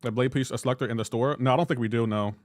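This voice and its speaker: A young man live-streaming a mobile game, joking back and forth with his chat in a casual, animated way. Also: mid-range voice, rapid-fire, dry recording, studio quality.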